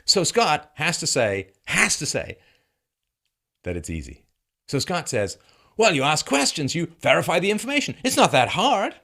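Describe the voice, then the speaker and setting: A man's voice: mid-range voice, fairly bright tone. A man delivering a political commentary monologue, mocking and sarcastic, firing off heated rhetorical questions. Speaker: commentary host.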